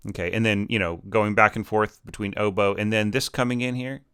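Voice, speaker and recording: A man's voice: on the low side, steady tone, a little fast, pushed and bright, clean tone, no echo, clean studio sound. A man giving a casual, rambling critique of orchestral scores as a teacher, full of fillers and restarts.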